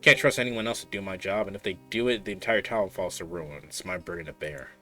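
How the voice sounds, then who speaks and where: A man's voice: low-pitched, quick pace, sharp tone, faint music behind. A man reading the lines of a guarded young woman who runs the town mines, in a dry, matter-of-fact way. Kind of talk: reading game dialogue aloud.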